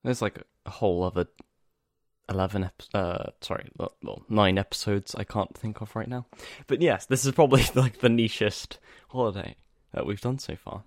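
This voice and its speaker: A man's voice: on the low side, fairly even intonation, normal speed, dry recording, studio quality. A young man co-hosting a podcast, rambling in casual chat with lots of fillers and easy laughs. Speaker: podcast co-host.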